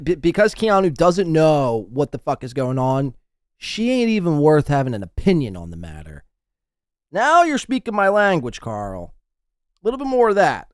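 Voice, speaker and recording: A man hosting a live stream, reading out donations and mocking others with animated banter. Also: a little high, dry recording, studio quality. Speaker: podcast host.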